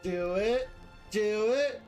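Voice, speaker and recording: A woman's voice: mid-range voice, slow, darkish tone, faint music behind. A woman streamer chatting casually while she games. She swears freely, repeats herself and laughs a lot. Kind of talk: casual live-stream chat while gaming.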